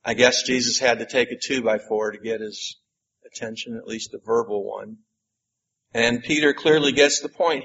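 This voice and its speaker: A man preaching a sermon, slow and emphatic, with dramatic pauses. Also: mid-range voice, steady tone, gravelly, a bit bright, lo-fi sound. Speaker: pastor.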